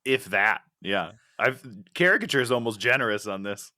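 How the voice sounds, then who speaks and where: A man's voice: on the low side, expressive, normal speed, bright, forceful tone, dry recording, studio quality. A man co-hosting a casual film-review chat, talking in an incredulous, mocking way. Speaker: podcast co-host.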